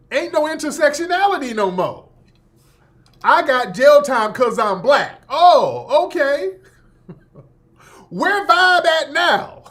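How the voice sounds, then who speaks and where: A male talk radio host rants in a mocking, sarcastic tone, laughing at his own jokes and breaking in with quick asides. His pitch swings widely and animatedly from line to line. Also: fairly bright tone. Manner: sarcastic, mocking, laughs often, repeats "hold on". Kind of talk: mocking commentary monologue.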